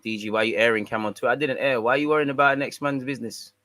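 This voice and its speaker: A man's voice: medium pitch, very fast, bright, forceful tone, no echo. A man hosting a fan channel, casually reading and answering viewer comments in a slangy, bantering way. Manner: slangy, laid-back, bantering.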